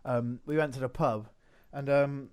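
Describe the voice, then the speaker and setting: A man's voice: mid-range voice, fairly even intonation, measured pace, a little mellow, clean tone. A young man, a podcast co-host, telling rambling anecdotes in casual chat with lots of swearing.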